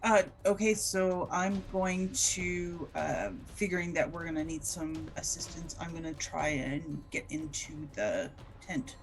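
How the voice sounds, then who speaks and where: A woman's voice: lowish voice, fairly even intonation, unhurried, few pauses. A woman playing her character in a tabletop game, hesitant and often restarting her sentences. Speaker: player.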